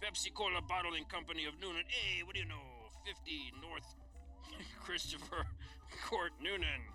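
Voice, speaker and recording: A man's voice: fairly high pitch, normal speed, music in the background, lightly acted, rough recording. A man doing a put-on voice of a haggling alien junk dealer while reading out phone book listings. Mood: wheedling.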